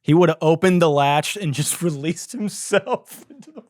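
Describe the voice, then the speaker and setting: A man's voice: on the high side, normal speed, darkish tone, dry recording. A man hosting a comedy podcast, profane and exasperated, often breaking into laughter as he comments. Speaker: podcast host.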